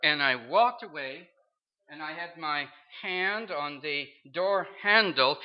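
A man's voice: a little high, animated, slow pace. A man preaching a storytelling sermon, earnest, acting out the voices of people in his story. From Toronto area, Canada. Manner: earnest, acts out quoted voices. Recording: dull lo-fi recording.

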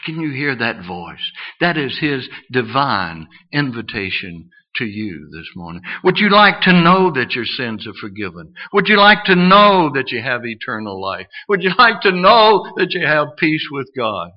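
A man preaching a sermon, swinging from raised emphatic lines to hushed, drawn-out ones. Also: lo-fi sound. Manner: animated, swings from booming to hushed.

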